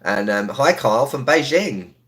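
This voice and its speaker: A man hosting a casual live stream from home, talking quietly with a sore throat, greeting viewers with lots of ums. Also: mid-range voice, expressive, normal speed. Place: indoors in a home.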